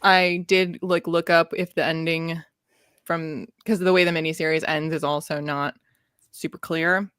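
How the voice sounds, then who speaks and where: A woman's voice: sits low, level tone, unhurried, fairly bright tone, clear, resonant tone, no echo, clean studio sound. A woman hosting a casual book club discussion over a video call, chatty and full of fillers as she steers the talk.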